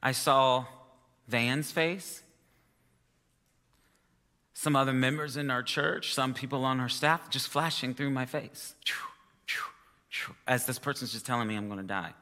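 A man's voice: medium pitch, measured pace, long pauses, bright, forceful tone. A male preacher giving a sermon and telling a personal story in a chatty, self-amused way. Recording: long reverb of a hall.

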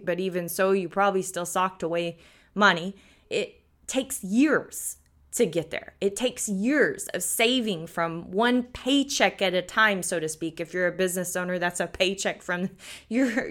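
A woman in her thirties hosts a podcast in a loose, conversational way. She chuckles as she tells stories, and her voice sits at a middling pitch. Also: a bit bright. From United States. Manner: chatty, chuckling, folksy. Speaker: podcast host. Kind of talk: casual podcast talk, storytelling.

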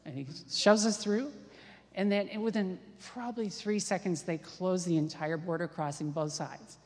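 Woman preacher in a reverberant hall. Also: fairly low pitch. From Ohio, USA. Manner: lively anecdotal, self-deprecating, quick asides. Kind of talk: sermon storytelling.

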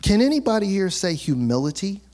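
Lively high-voiced pastor preaching casually. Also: male voice, fairly quick. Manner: conversational, playful, acts out quotes, laughs often. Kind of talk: sermon.

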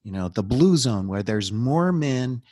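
A man's voice: medium pitch, a little slow, no room sound. A man telling stories as a guest on a podcast, joking and animatedly acting out quotes. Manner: animated storyteller, jokes and laughs, acts out quotes. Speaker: podcast guest, documentary filmmaker. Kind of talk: casual storytelling interview.

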